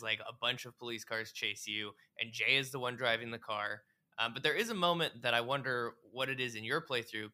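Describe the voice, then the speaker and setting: A man chatting casually about a video game, retelling scenes and acting out the characters' lines. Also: medium pitch. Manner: animated storyteller, acts out dialogue, swears.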